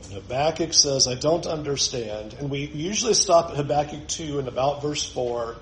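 A man's voice: mid-range voice, normal speed, fairly bright tone, echoey room, slight background noise, poor audio. A man preaching a sermon in a conversational way, with joking asides. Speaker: pastor.

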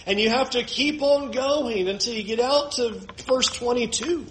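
A man preaching a sermon, reading scripture slowly and with drama, then asking his listeners questions. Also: very high voice, a bit bright, roomy sound, rough recording.

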